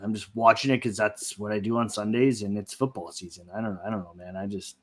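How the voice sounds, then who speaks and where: A man's voice: on the low side, fairly even intonation, brisk, fairly bright tone. A man co-hosting a podcast, talking in a laid-back, hesitant way with many "like"s. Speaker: podcast co-host.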